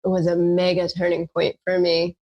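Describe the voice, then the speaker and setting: A woman's voice: on the low side, completely flat delivery, moderate pace, lo-fi sound. A woman co-hosting a podcast, telling a personal story with intensity, drawing out words for emphasis. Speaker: podcast co-host. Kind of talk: casual chat.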